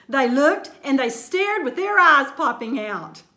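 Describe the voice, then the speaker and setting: Expressive woman reading a picture book. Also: high voice, measured pace. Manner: expressive, sing-song rhyming delivery. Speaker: children's storyteller. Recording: roomy echo.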